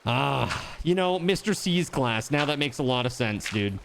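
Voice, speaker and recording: A man's voice: mid-range voice, expressive, measured pace, creaky, noisy background. A man streaming a video game, chatting casually with his chat, telling a story and laughing often. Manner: laughs often while telling stories, reads chat aloud.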